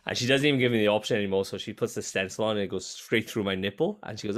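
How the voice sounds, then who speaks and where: A man's voice: on the low side, very fast, creaky, few pauses. A man with an Australian accent, hosting a casual gaming podcast chat over a voice call, blunt and fond of swearing. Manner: blunt, swears freely, laid-back slang.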